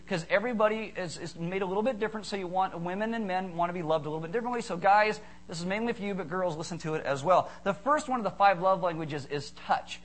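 A middle-aged man preaching a sermon in a fairly high voice. He is animated and playful, jokes with the congregation and acts out little stories. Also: rough recording. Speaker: pastor.

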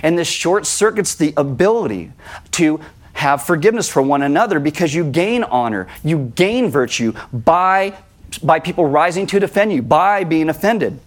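Man preaching with a higher voice. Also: animated, moderate pace. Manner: conversational preaching with acted-out quotes. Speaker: pastor. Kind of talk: sermon.

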